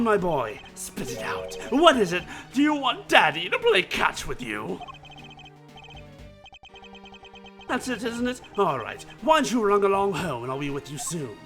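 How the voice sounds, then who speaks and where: A man's voice: sits high, pushed and bright, voice pushed up, heavily acted. A man voicing a smug, scheming older male prosecutor who talks down to people in a mannered, condescending way. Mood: scolding.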